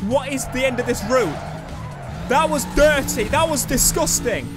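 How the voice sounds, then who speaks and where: A young man on a headset, chatting through a let's play with excitable outbursts. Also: very high-pitched, moderate pace. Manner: chatty, excitable, bursts into loud exclamations. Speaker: gaming YouTuber. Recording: game music loud behind voice.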